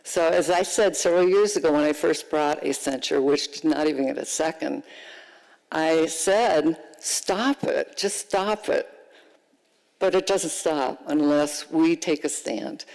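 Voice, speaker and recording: Gravelly, indignant council member. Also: mid-range voice, moderate pace, a little mellow, in a large hall, poor audio. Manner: indignant, emphatic. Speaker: council member sponsoring the item. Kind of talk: council meeting closing argument. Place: council chamber.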